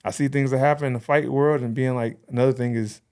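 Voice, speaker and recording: Brief: man, 30s, interview guest, quick delivery, animated storyteller who voices the people in his stories. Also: medium pitch. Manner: animated storyteller acting out quoted dialogue. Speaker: podcast guest. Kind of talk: casual interview chat.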